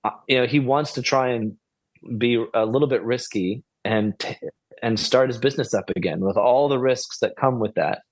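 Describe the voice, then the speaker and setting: A man's voice: mid-range voice, normal speed, dry recording. A man co-hosting a podcast, chatting casually and musing through a TV episode recap, rambling and asking questions. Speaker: podcast co-host.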